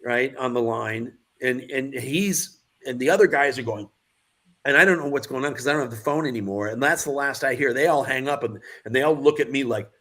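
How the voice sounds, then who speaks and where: A man's voice: mid-range voice, fairly quick, fairly bright tone. A man around sixty, a guest filmmaker, telling anecdotes in a casual interview and acting out the voices of the people in them.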